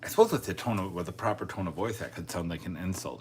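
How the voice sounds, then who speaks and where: A man's voice: low-pitched, fast talker, darkish tone, a little hiss or hum. A man chatting casually on a live stream, thinking aloud and joking at his own expense. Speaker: coin collecting live streamer.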